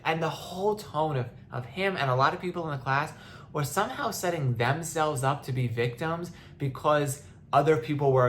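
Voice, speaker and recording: A woman's voice: low voice, a little hiss or hum. A young woman hosting a podcast, talking in a casual, impassioned way with many restarts, at times close to tears. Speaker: podcast host. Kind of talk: casual monologue.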